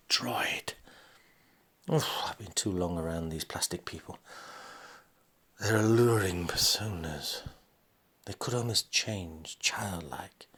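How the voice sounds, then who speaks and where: Slow husky whispering male storyteller. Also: fairly low pitch. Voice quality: husky, often sinking to a whisper. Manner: slow, halting delivery with long pauses and sighing "oh"s. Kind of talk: slow dramatic story narration.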